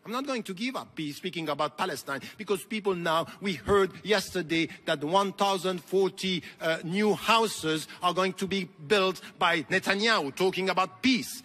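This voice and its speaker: A man's voice: sits high, moderate pace, hardly any pauses, pushed and bright. Emphatic man in a reverberant hall. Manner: emphatic, repetitive rhetorical cadence. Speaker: convention keynote speaker. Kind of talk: impassioned public speech. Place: large convention hall.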